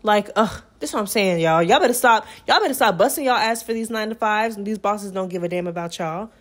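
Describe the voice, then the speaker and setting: A young adult woman recapping a movie for her channel in a chatty, animated way, acting out the characters' lines as she goes. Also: medium pitch, fast talker. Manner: chatty, animated storytelling with acted-out quotes.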